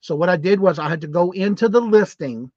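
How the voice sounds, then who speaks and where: A man's voice: high-pitched, fairly quick, a little mellow, no echo. A man hosting a casual morning live show, chatty and upbeat, rambling with restarts as he reads viewer comments aloud. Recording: dull, muffled lo-fi stream audio.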